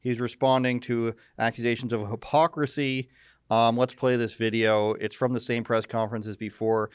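A man's voice: medium pitch, little pitch movement, normal speed, clean tone, dry recording, clean studio sound. Joking man hosting a news stream. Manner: joking, sarcastic, rambling asides. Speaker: live stream host. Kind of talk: casual news commentary.

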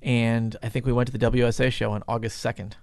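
A middle-aged man, an interview guest, rambles through a casual story, swearing freely and performing the voices of the people in it. He talks fast in a creaky, mid-range voice with little pitch movement. The clean studio recording has no room sound.

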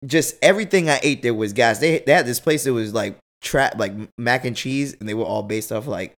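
A young man telling a story in casual, slangy podcast chat, animated and jumping high in pitch when he quotes others. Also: brisk.

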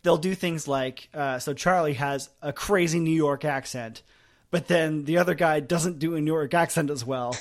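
A man co-hosting a podcast in casual chat, rambling and animated, often laughing and trailing off softly. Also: on the high side, normal speed. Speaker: podcast co-host.

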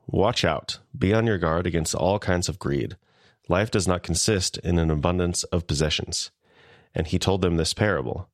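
A man co-hosting a podcast, reading a scripture passage aloud in a measured, steady way. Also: low voice, no echo, studio quality. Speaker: podcast co-host.

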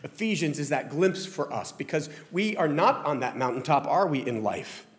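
Southern-accented male pastor, chatty self-deprecating sermon, slightly high voice. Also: expressive, moderate pace. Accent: Southern American. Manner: conversational, self-deprecating preaching with frequent restarts. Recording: long hall reverb.

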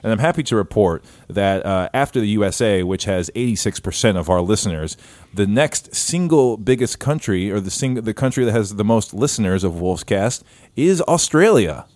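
Guy cohosting a podcast over a call, lowish voice, dry sound, lots of uhs and restarts. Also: animated, moderate pace, a little mellow, no room sound. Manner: rambling, many fillers and restarts. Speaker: podcast co-host. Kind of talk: casual podcast chat. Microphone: remote call over internet.

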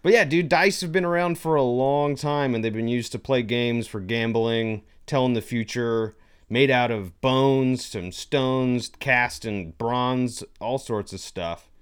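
A man's voice: medium pitch, unhurried, smooth. A man chatting casually as a podcast co-host, rambling and playful, with many fillers and restarts. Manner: playful, jokey. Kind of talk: casual chat.

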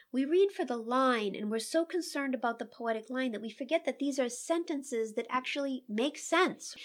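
A woman, a poet and English professor, co-hosting a poetry podcast and walking through her reading of a poem in an engaged, questioning way. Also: on the high side. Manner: engaged, asks herself questions while analyzing. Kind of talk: conversational literary discussion.

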